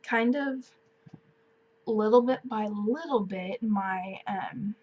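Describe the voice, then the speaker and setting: A woman's voice: mid-range voice, slow, muffled recording, slight background noise. A woman in her twenties telling a personal story to camera in a chatty, casual way, full of fillers like "like" and "um". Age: 20s. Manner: chatty, filler-heavy, many "like"s and "um"s. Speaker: vlogger.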